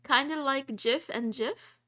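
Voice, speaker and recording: Reading her viewers' messages aloud in a relaxed chat, a woman streamer speaks in a high, pushed, bright voice, a little on the slow side. She keeps giggling, puts herself down in fun and tosses in tiny meows.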